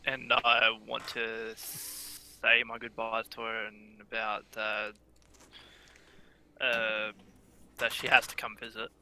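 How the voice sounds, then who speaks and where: A man's voice: on the low side, completely flat delivery, slow, bright, forceful tone, slight background noise, low-quality recording. A man playing a tabletop game, hesitant and searching for his words. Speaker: player. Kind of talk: casual tabletop play.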